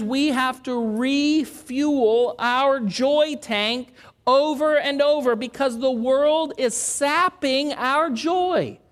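A woman preaching a sermon in an earnest, measured way, asking rhetorical questions. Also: sits high.

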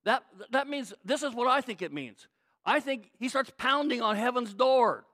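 A pastor preaching a sermon, emphatic, repeating key phrases and swinging between quiet reflection and loud pleading. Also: male voice, extremely high pitch, expressive, normal speed.

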